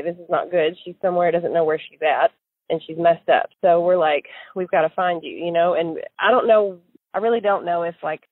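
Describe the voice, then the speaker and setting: Woman interviewee, halting and filler-heavy, thin phone-line sound, dry. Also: fairly low pitch, dry recording. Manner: hesitant, many fillers and restarts. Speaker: interviewee recalling events. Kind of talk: casual recorded interview.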